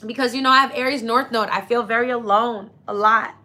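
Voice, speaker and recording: A woman's voice: on the high side, steady tone, fairly quick, hardly any pauses, sharp tone. A young woman hosting a casual astrology talk, effusive and grateful, speaking directly to her viewers and getting teary with happiness. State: tearful with happiness. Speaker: astrology livestream host.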